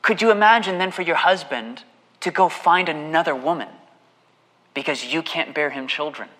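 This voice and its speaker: Guy preaching a sermon, pretty high bright voice, big echo from the hall. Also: normal speed. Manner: animated, mocking voice for quoted husband. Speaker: pastor.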